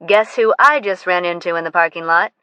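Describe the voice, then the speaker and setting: A woman's voice: lowish voice, fairly quick, pushed and bright, smooth, dry recording. Brash blunt young gal in an audiobook, read by a woman, dry close sound. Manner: brash, teasing.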